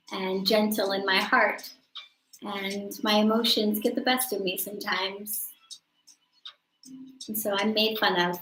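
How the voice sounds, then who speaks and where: A woman in her thirties hosts a casual live stream, chatty and joking and quick to laugh at herself. She talks in an unhurried, drawn-out way. Her voice rings with a roomy echo. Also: medium pitch, a bit bright, slight background noise. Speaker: host of a live witchcraft coaching stream.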